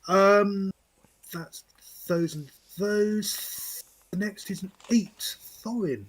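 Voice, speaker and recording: Husky woman running a tabletop game. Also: mid-range voice, extremely slow. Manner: laughing often, stumbling over repeated words. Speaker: game master. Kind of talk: narrating a tabletop game on a stream.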